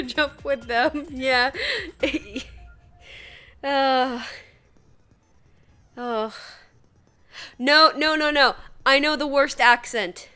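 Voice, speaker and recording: A woman with a Saskatchewan accent, chatting on a gaming stream in an unhurried, giggly way. Her voice sits a little high, and she reads chat aloud and swears freely. Faint game music runs underneath. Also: sharp tone. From Saskatchewan, Canada.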